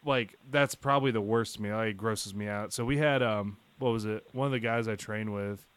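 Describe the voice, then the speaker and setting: A man's voice: fairly low pitch, fairly quick, a bit bright, smooth. Laid-back man hosting a podcast. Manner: laid-back, loose, lots of fillers. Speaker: podcast host. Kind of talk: casual podcast chat.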